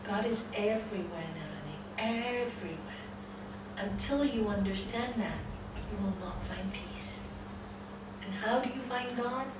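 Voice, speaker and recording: Lady yoga teacher giving a talk, acts out the voices in her stories, mid pitch, distant mic in a roomy hall. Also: unhurried. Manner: animated storyteller, acts out the voices in her story. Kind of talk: spiritual talk with storytelling. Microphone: distant room mic. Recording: echoey hall from far off, noisy ambience.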